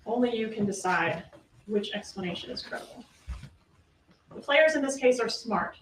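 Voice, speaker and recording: A woman's voice: fairly high pitch, a little hiss or hum. Distant, echoey woman arguing in court. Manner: emphatic, rhetorical questions. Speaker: prosecutor. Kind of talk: courtroom closing argument. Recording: echoey room, distant mic, faint ambience.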